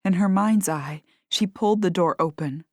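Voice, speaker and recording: A woman's voice: lowish voice, darkish tone, dry recording. Woman narrating a cozy mystery, dry sound. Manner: measured storytelling. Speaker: audiobook narrator. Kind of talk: scripted narration.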